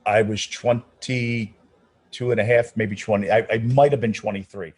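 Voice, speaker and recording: Unhurried and slightly rough, this middle-aged opera singer's voice sits on the low side. During a casual storytelling interview, he animatedly recounts anecdotes, restarting many times and acting out the voices of those he quotes.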